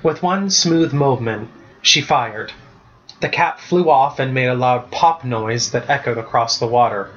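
A man reading his own story aloud as a steady, even storybook narration, in a muffled lo-fi recording. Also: medium pitch, unhurried. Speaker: author reading his book.

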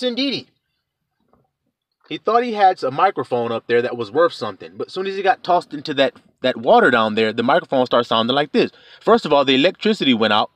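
Preacher guy, bouncy lively voice, laughs a lot, dry close sound. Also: mid-range voice, dry recording. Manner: animated, laughing, playful sing-song asides. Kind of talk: informal sermon.

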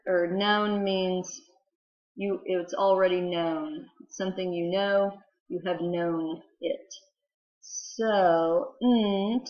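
A patient woman walks young children through a spelling lesson, sounding out each letter. She speaks at an unhurried pace. The recording is roomy and somewhat dull, like a simple home setup. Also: medium pitch. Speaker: teacher.

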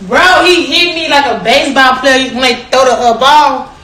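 A woman's voice: high voice, normal speed, bright, forceful tone. A young woman telling stories in a casual chat, brash and profane, often laughing. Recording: echoey room with faint noise.

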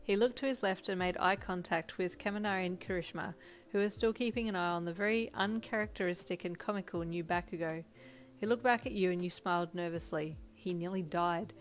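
A woman reading a second-person fanfiction story aloud in an even storytelling manner. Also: lowish voice, fairly quick, faint music behind. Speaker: fanfic reader.

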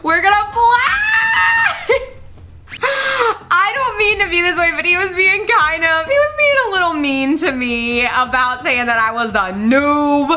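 A woman's voice: sits high, animated, normal speed, bright, forceful tone, slight background noise. A woman hosting a gaming channel, chatting straight to her viewers as she plays, bubbly and prone to squeals and gasps. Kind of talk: excited game-play commentary to viewers. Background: background music.

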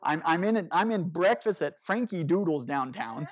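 A man preaching as a pastor in an earnest, conversational storytelling sermon, speaking to a congregation from a church stage. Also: fairly high pitch. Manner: earnest, animated storytelling with rushed bursts.

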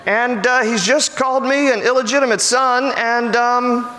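A man's voice: extremely high pitch, steady tone, normal speed, pushed and bright, in a large hall, pitched above the performer's own voice. A man voicing an exasperated young prince, speaking in wry, casual modern paraphrase. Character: exasperated young male prince, best friend.

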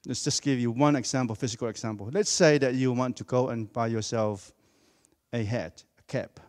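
A man's voice: medium pitch, steady tone, normal speed, a little mellow, in a large hall. A man preaching a sermon in a church, speaking emphatically and repeating key words for effect.

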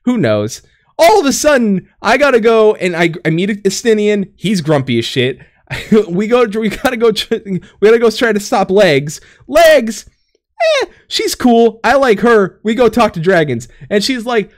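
Animated high-voiced man rambling through a recap. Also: normal speed. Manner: rambling, profane, laughing often, acts out characters. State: out of breath. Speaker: podcast co-host recapping a game story. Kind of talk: casual chat.

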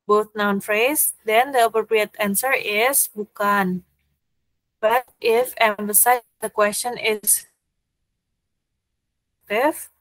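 A woman teaching a language lesson, explaining grammar slowly and patiently with examples. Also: mid-range voice, fairly bright tone, dry recording.

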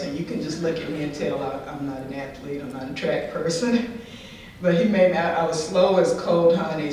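Middle-aged woman, candid and funny conference storyteller; distant mic, big reverberant room. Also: low voice. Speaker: conference speaker. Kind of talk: inspirational personal story talk. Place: large conference hall. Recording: echoey hall, distant mic.

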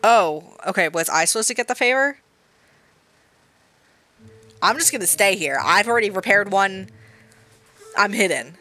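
A woman's voice: mid-range voice, lively intonation, moderate pace, long pauses, sharp tone, faint music behind. A woman streaming a game live, chatting casually and exclaiming nervously as she plays. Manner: nervous, exclaiming while playing.

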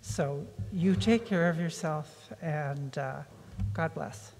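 Woman, low and very slow, halting emotional farewell, hall echo. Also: darkish tone, faint music behind. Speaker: church member giving a farewell tribute. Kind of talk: speech at a retirement lunch. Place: church hall. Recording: long reverb of a hall.

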